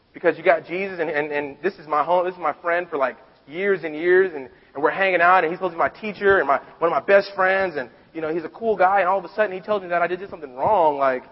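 A man preaching a sermon in a conversational, animated storytelling way, stumbling and restarting often. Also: a little high, breathy edge. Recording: dull recording with long hall reverb.

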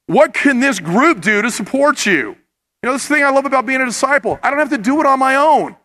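A man's voice: very high voice, expressive, a little fast, sharp tone. A man preaching a sermon, earnest and rising to impassioned emphasis as he addresses his listeners. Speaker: pastor.

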